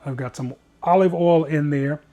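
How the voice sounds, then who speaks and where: A man's voice: a little high, moderate pace, mellow. A man hosting a cooking show, chatting in an upbeat way with rambling asides as he cooks. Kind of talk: casual cooking demonstration.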